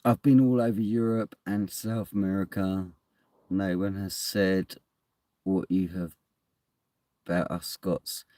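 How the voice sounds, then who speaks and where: An English man streams casually from home, reading chat, rambling, laughing a lot and cursing occasionally. His voice is low and warm with a flat delivery, and he speaks slowly with long pauses. The sound is studio-clean with no echo.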